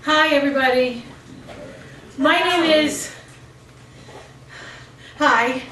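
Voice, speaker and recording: A woman with a fairly high voice performs her spoken-word poetry at a cafe open mic, switching between rhythmic, intense delivery and casual asides. She is recorded from a distance in an echoey room, with faint background noise. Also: slow pace. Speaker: featured poet. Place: cafe performance space, live audience.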